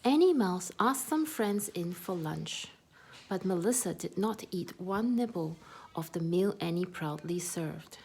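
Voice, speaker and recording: A woman reading a children's storybook aloud in a soft, gentle manner. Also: on the low side, expressive, a little slow, creaky, a little hiss or hum.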